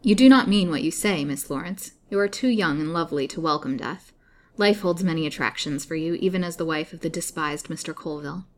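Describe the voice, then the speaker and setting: A woman's voice: low voice, a little fast, lightly acted. A woman voicing a sardonic male doctor who speaks with mocking persuasion.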